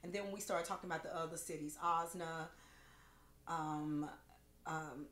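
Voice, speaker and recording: A woman's voice: deep voice, fairly even intonation, unhurried, a bit bright. A woman hosting a cooking livestream, chatting casually, with gushing, rambling thanks full of fillers, emotional and close to tears. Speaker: cooking show host. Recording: roomy echo with faint music.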